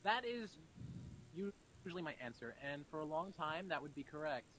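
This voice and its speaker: A man's voice: fairly high pitch, big pitch swings, moderate pace, a bit bright. A young man being interviewed about his voice acting, chatty and brash, laughing and swearing freely. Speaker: abridged-series voice actor, interview guest. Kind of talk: casual interview.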